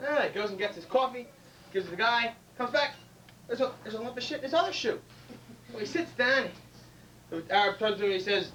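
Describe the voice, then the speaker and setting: High-voiced man telling jokes off-mic. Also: animated, pushed and bright. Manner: loose, halting joke delivery with fillers. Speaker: host inviting joke tellers. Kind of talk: casual stand-up joke telling. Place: live informal comedy gathering. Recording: distant mic, faint background noise.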